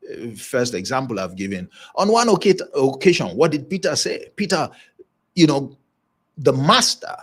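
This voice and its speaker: This is a man speaking on leadership in a motivational broadcast. His mid-pitched voice rises and falls a great deal as he preaches, and he repeats lines for emphasis. He chuckles at his own asides. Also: a bit bright, slightly rough.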